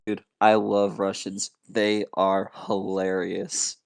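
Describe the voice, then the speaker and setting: A man's voice: on the low side, completely flat delivery, slow pace, gravelly, no echo. A young man co-hosting a podcast, telling stories casually and with enthusiasm, calling people dude. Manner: enthusiastic, says dude a lot. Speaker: podcast co-host. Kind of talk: casual storytelling.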